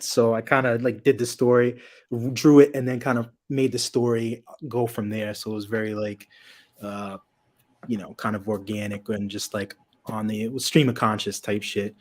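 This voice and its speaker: Male indie comic creator, relaxed and rambling, heavy on fillers, casual profanity, mid pitch. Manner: laid-back, rambling, lots of fillers and swearing. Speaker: comic book creator guest. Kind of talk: casual interview chat.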